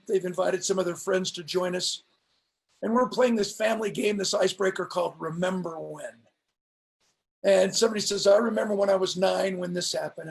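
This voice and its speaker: A middle-aged man with a strikingly gravelly voice, high for a man, tells stories during a live stream interview. His emphatic delivery has a motivational preacher's cadence, slowing down hard on the punch lines.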